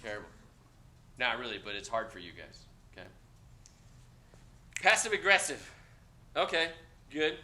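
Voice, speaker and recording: A man lecturing a class of cadets, blunt and joking, with loud outbursts. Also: medium pitch, big pitch swings, a little slow, long pauses. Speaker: instructor.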